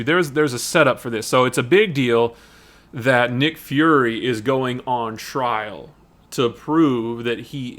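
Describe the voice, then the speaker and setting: Male host of a comic review livestream, rambling and animated, casual and chatty. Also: mid-range voice. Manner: rambling, animated, lots of fillers and restarts. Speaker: comic book streamer.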